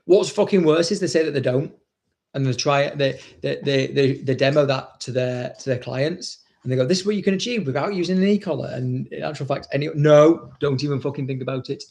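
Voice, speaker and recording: A man's voice: medium pitch, fairly even intonation, normal speed, gravelly, darkish tone. A man, a dog trainer, chatting casually, blunt and swearing freely. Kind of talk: casual chat.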